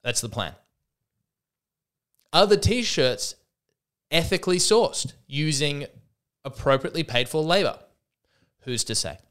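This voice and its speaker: A man's voice: fairly high pitch, lively intonation, unhurried, pauses often, fairly bright tone, clean tone. A man hosting a solo comedy podcast, talking in a wry, self-mocking way and acting out the voices in his jokes. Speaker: podcast host.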